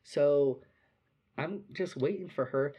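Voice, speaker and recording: A man's voice: on the high side, slow pace, husky, lo-fi sound. A young man casually telling a story, swearing freely and acting out quotes. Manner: profane, animated storytelling with voiced quotes.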